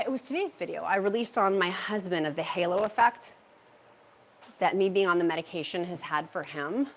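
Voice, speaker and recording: A woman's voice: medium pitch, slight background noise. A woman hosting a casual livestream from her home kitchen, chatty and bubbly as she reads viewer comments aloud into a handheld phone. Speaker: livestream host. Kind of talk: casual livestream chat while meal prepping.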